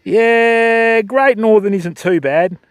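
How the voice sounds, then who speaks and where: A man's voice: high voice, slow pace, clean tone, no room sound. A Western Australian man hosting a fishing livestream outdoors, bantering and joking with his chat. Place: outdoors by a river shore.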